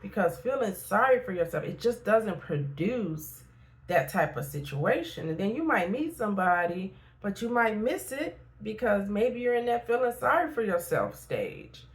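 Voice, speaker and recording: A woman's voice: medium pitch, big pitch swings, normal speed. A middle-aged woman, a therapist and life coach, talking frankly in a casual motivational vlog and repeating points for emphasis.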